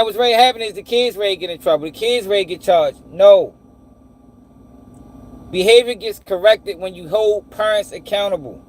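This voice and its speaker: Reacting to a news story, a high-voiced man gives blunt, profane, casual commentary and addresses his viewers as y'all. There's slight background noise in the recording.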